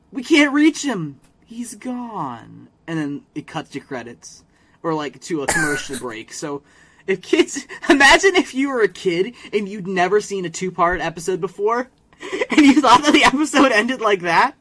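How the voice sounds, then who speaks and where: A man's voice: high voice, animated, moderate pace, a bit bright. A man co-hosting a podcast, casually recapping a cartoon episode and acting out the characters' lines in an exaggerated way, with plenty of swearing. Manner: recaps scenes with exaggerated quoted voices, profane. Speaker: podcast co-host.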